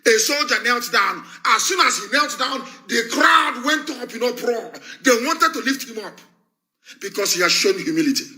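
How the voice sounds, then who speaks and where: A man's voice: very high-pitched, lively intonation, moderate pace, bright, forceful tone. A man with a Nigerian accent giving an impassioned live address, fiery and scornful, repeating phrases for emphasis. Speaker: broadcaster addressing followers.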